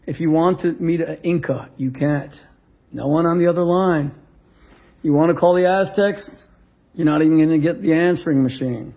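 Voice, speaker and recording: With a slightly high, warm voice at a moderate pace, a middle-aged rabbi tells a story during a sermon to a live audience, voicing both sides of the exchange and landing each punchline.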